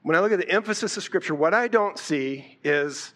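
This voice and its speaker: Pastor, male, high voice, easygoing conversational sermon delivery. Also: a little fast, hardly any pauses. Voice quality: conversational, animated preaching with rhetorical questions.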